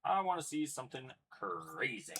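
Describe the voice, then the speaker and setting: A man's voice: medium pitch, sing-song, normal speed, noisy background. A young man casually announcing each card pulled as he hosts a live card break, chatty and upbeat. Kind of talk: live card-opening commentary.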